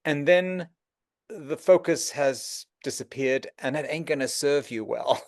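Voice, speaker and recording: Lively storytelling man, dry sound. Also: fairly high pitch, measured pace, no echo. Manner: animated storyteller, acts out quotes. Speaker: guest. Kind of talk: conversational interview.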